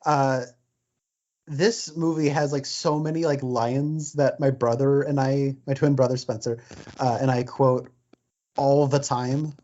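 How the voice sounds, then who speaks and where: Male podcast co-host, mid-pitched, filler-heavy chatter, muffled lo-fi sound. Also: level tone, measured pace, a little mellow. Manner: chatty, quotes lines in silly voices, filler-heavy. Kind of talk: casual film discussion. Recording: dull lo-fi sound.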